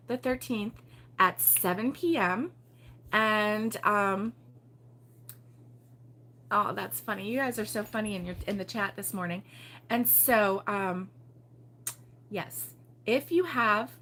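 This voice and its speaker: A woman's voice: medium pitch, fairly bright tone. An older woman from Baltimore hosting a casual crochet livestream, chatty and giggly, rambling with lots of ums. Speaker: crochet show host.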